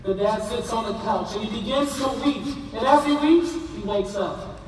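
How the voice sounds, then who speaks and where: Impassioned high-voiced male preacher. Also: normal speed, distant mic, a little hiss or hum. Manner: impassioned, rising to shouts, calls to congregation. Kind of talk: sermon. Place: large church hall. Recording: echoey hall, voice from afar.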